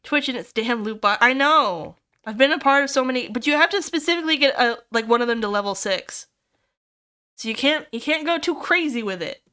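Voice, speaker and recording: A young adult woman streamer chatting casually with viewers, excitable, swearing freely and squealing over cute things. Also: high voice, a little fast. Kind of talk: casual livestream chat with viewers.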